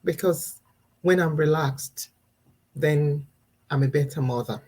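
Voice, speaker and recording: This woman's deep, darkish voice takes things slowly on a low-quality recording. She's a thirtyish mother and parenting vlogger, sharing earnest, reflective thoughts in a casual live video and laughing here and there between points.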